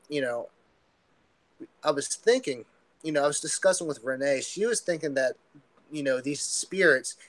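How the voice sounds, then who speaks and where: A man's voice: mid-range voice, no echo, poor audio. Earnest rambling man telling a story. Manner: earnest, rambling, many fillers and restarts. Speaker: podcast guest. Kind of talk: casual storytelling.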